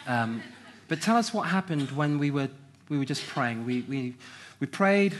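Man, slightly high pitch, hesitant conversational questions, church interviewer. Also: expressive, a little slow. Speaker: church leader interviewing a member.

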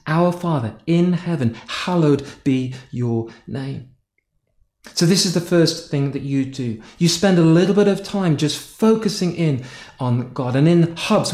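Guy from north yorkshire giving a sermon, pretty high voice, storytelling, echoey room. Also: darkish tone. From North Yorkshire, England. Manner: storytelling, acts out his own prayers in a raised, exasperated voice. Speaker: pastor.

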